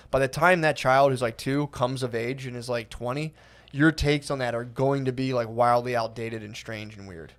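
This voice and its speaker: A man's voice: medium pitch, brisk, fairly bright tone. Man rambling profanely on a comedy podcast. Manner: rambling, profane, with frequent fillers and restarts. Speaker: podcast co-host. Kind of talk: casual comedic chat.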